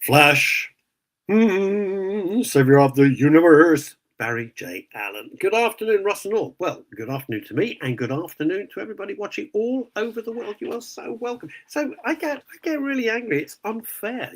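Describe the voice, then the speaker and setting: Male radio host, husky voice, lively swooping pitch, indignant rant. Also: brisk, few pauses, poor audio. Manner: ranting, indignant, conversational. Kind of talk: opinionated radio chat.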